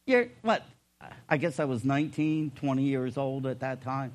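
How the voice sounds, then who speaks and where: An older man preaching a sermon in a folksy way, swinging between loud emphasis and quiet asides. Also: medium pitch, animated, normal speed. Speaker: pastor.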